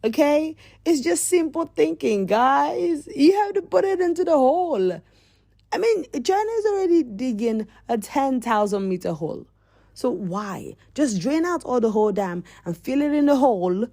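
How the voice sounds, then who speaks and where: A woman hosts a comedic news riff, her fairly high voice swinging widely in pitch as she exclaims and laughs her way through. She rambles and circles back on her own words. The sound is dry and close, with almost no room around her. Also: animated, moderate pace, dark tone, dry recording. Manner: rambling, repeats herself. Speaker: podcast host.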